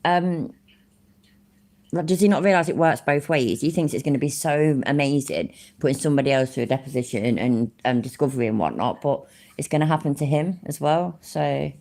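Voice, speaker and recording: A woman's voice: low-pitched, moderate pace, darkish tone. A woman giving rambling, sarcastic live-stream commentary on a video and swearing freely.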